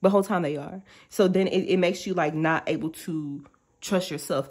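Chatty, slangy woman tarot reader, low voice. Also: normal speed, slightly rough. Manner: chatty, animated, slangy and self-interrupting, acting out quoted thoughts. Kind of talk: casual tarot reading to viewers.

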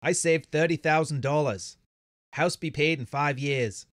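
A man's voice: on the high side, measured pace, fairly bright tone, no echo, clean studio sound. A man voicing a cheerful male viewer with an Australian accent, friendly and breezy.

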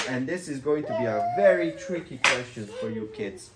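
A man's voice: mid-range voice, lively intonation, moderate pace, hardly any pauses, reverberant, very noisy. A father playfully teaching his young children simple words, patiently repeating each one. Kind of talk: playful kids' vocabulary lesson.

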